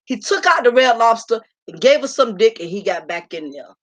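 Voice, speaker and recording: A woman with a somewhat high voice hosts a live show, telling a story straight to her audience. She is brash and profane, with plenty of sass in how she talks. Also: expressive, a little fast, a bit bright. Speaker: host.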